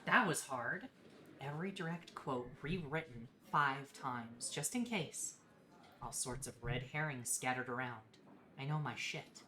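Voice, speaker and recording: A betrayed investigative journalist throws sharp, scornful accusations in a low, deep voice, read out by a woman playing a story game. There is a faint hiss of noise behind. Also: full character voice.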